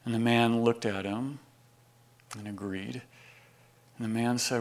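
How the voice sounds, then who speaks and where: A man in his forties delivers a sermon and tells a story. His voice has a gravelly, fry-tinged edge at a middle pitch. He slides from low, hushed asides into loud, emphatic declarations. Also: little pitch movement, unhurried, pauses often. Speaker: pastor.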